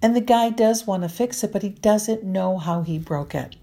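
A woman's voice: medium pitch, dark tone. A middle-aged woman marriage counselor giving earnest, repetitive advice to listeners. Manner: earnest, repetitive, slow and deliberate.

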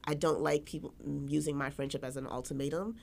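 A woman's voice: sits low, fairly even intonation, fast talker, gravelly, darkish tone. A woman co-hosting a podcast in casual chat, candid and emphatic, often restarting her sentences. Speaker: podcast co-host.

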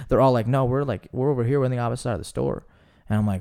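A young man telling stories in a casual podcast chat, talking in a rambling, animated way with lots of fillers. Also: medium pitch, fast. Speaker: podcast guest.

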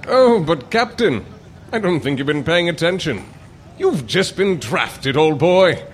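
An actor playing a jovial, chummy upper-class British army officer with a put-on British accent. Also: male voice, on the high side, sing-song, measured pace, slight background noise. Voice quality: chummy, plummy.

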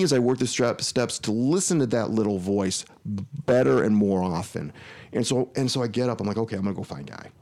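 Gravelly man telling a rambling story. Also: medium pitch, a little mellow. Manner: rambling, with many restarts and quoted dialogue. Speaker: interview guest. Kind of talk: casual storytelling.

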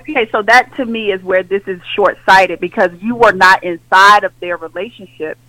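A woman's voice: mid-range voice, moderate pace, crowd noise. A woman calling in to a radio talk show, speaking directly and pressing with questions. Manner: direct, questioning, laughs while talking. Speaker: caller. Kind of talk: call-in radio discussion. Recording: phone line into radio show.

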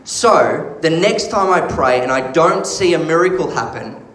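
Male pastor, slightly high voice, animated sermon storyteller, roomy echo. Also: a little slow, slight background noise.

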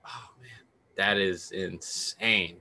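A young man co-hosting a casual podcast, excitable and playful. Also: deep voice, slow pace. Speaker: podcast co-host. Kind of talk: casual chat.

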